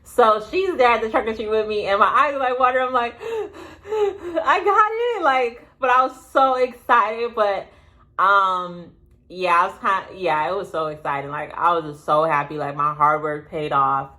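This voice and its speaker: Young woman talking fast to her viewers, bright and chatty, rambles and jumps around. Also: medium pitch, steady tone. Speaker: vlogger. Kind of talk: casual storytime vlog. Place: indoors, sitting at home.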